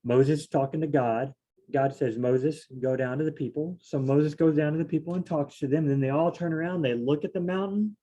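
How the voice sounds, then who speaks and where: A man's voice: a little high, moderate pace, dark tone, muffled recording. A man studying scripture aloud on his own, reading verses and then paraphrasing them in a loose, fumbling way, often correcting himself. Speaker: solo Bible study host.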